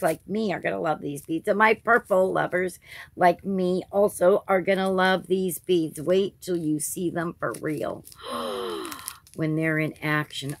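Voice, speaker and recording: A woman's voice: fairly low pitch, slight background noise. A woman hosting her crafting channel, chatting casually through an unboxing and gushing over each item with little gasps.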